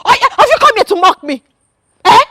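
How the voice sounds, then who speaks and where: An actress playing a defiant wife with a Nigerian accent, shouting in anger to defend her husband. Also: extremely high pitch, sing-song, fairly quick, no room sound, studio quality, heavily acted. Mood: furious. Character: defiant wife, fiercely loyal to jailed husband. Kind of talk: Nollywood film acting.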